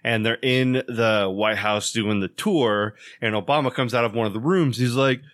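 A man's voice: moderate pace, a bit bright, dry recording, clean studio sound. A man co-hosting a podcast, telling a long joke in a rambling casual way and acting out the characters. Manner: rambling storyteller, acts out the characters with jumps in pitch. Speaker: podcast co-host.

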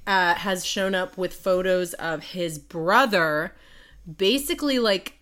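A woman's voice: fairly low pitch, slow. A woman in her late twenties co-hosting a podcast, casually retelling a novel's plot and acting out the characters' lines. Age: late 20s. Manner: animated storyteller, acts out characters' lines. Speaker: podcast co-host. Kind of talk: casual book chat, summarizing a plot.

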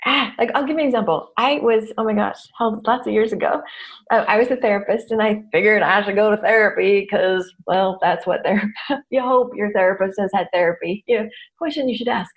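A woman's voice: medium pitch, fairly quick, dull audio. A middle-aged woman, a therapist and teacher, talking candidly to an audience and acting out quoted voices. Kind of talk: talk to an audience.

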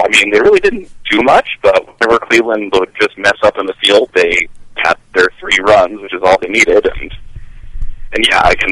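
A man co-hosting a podcast, chatting casually with dry jokes and halting restarts. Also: low-pitched, fairly bright tone, dry recording, low-quality recording. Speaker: podcast co-host. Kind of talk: casual chat.

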